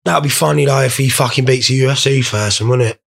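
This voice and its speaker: Rambling, gravelly stoned guy. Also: medium pitch, fast. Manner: rambling, swearing, joking. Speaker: podcast host. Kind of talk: casual podcast chat.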